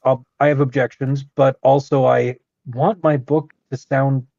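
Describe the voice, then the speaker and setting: A man's voice: medium pitch, flat delivery, unhurried, vocal fry, a little mellow, dry recording, muffled recording. A man co-hosting a podcast, talking casually and opinionatedly, with frequent restarts. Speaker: podcast co-host.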